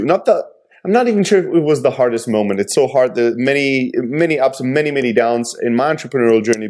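A man's voice: mid-range voice, darkish tone. A man and entrepreneur sharing hard moments of his career in an earnest, reflective conversational way.

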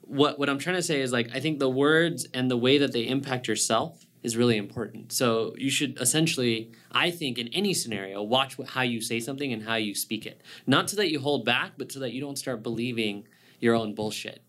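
A man's voice: medium pitch, brisk, fairly bright tone. Give me a man with a mid-range voice chatting on a podcast. He sounds agreeable and tells stories in an easy, conversational way. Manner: agreeable, tells anecdotes with acted quotes. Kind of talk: casual conversation.

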